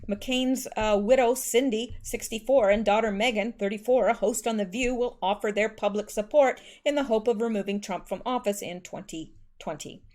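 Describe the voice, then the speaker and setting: A woman hosts her own news commentary channel, reading articles aloud at a middling pitch. She breaks off often with scornful, sarcastic remarks and stumbles through fillers and restarts. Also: moderate pace, few pauses, a little mellow. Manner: sarcastic, scornful asides between read quotes, many fillers. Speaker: political commentary channel host.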